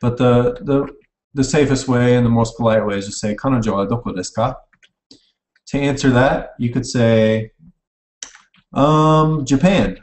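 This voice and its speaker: A man's voice: medium pitch, unhurried. A man giving an informal recorded language lecture, speaking casually and correcting himself as he goes while typing. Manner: casual, self-correcting, types while explaining. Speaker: online language teacher. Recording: echoey room, mic at a distance.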